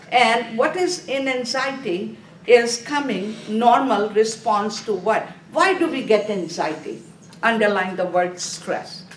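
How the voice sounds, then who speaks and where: A woman instructor giving a classroom review lecture, asking questions, answering them herself and telling students to underline key words. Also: on the high side. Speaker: nursing exam review instructor. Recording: echoey room, voice from a distance, faint noise.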